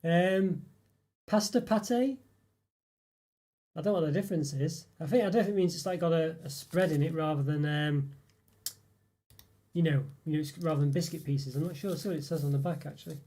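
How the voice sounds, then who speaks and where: A man's voice: a little high, brisk, long pauses, warm tone. A man hosting a live stream, chatting in a rambling way and reading out viewer comments with lots of fillers and chuckles. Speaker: live stream host reviewing chocolate.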